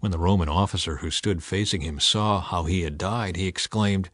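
A man's voice: deep voice, moderate pace, a bit bright, no room sound, clean studio sound. A man reading a Bible passage aloud with dramatic emphasis, his voice swelling on the quoted cries. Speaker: scripture reader.

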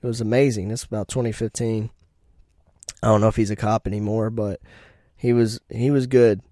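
A man's voice: lowish voice, little pitch movement, fairly quick, mellow, dry recording, studio quality. A young man telling personal stories as a podcast host, in a blunt, profane and rambling way. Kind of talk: casual storytelling monologue.

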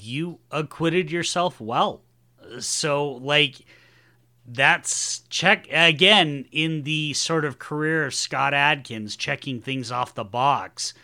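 A man's voice: on the high side, slow pace, bright, forceful tone. A man hosting a podcast, chatting casually with his guest, swearing freely and talking with enthusiasm. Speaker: podcast host.

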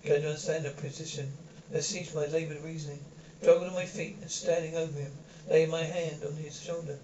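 A man narrating a novel in the first person, reading haltingly with frequent slips and restarts. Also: fairly high pitch, little pitch movement, warm tone. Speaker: audiobook narrator. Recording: dull lo-fi recording with faint hiss.

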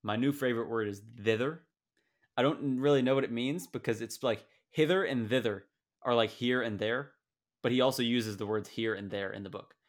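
A young man co-hosts a podcast in a loose, playful way. He laughs often between his thoughts. His voice sits at an ordinary middle pitch. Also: brisk. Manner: playful, laughs often, animated when retelling. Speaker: podcast co-host. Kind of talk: casual chat.

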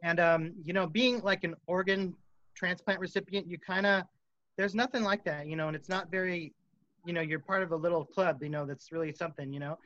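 A man's voice: sits high, fairly even intonation, a little fast, a bit bright, no room sound, lo-fi sound. A man from the United States, a musician guest, rambling through stories in a casual interview and laughing often.

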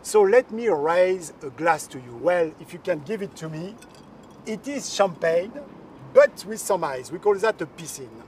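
A man with a French accent gives a warm, joking toast from an outdoor terrace. His voice sits high. The mic is set back, with a faint hum of the city behind him. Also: lively intonation, measured pace, far from the mic. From France. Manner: light joking, then formal. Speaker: company chief giving a toast. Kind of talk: video toast.

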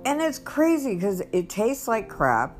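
Slow, lively-voiced woman rambling a story. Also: on the high side, soft background music. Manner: rambling, with many restarts and acted-out quotes. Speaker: vlogger. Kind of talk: casual storytelling monologue.

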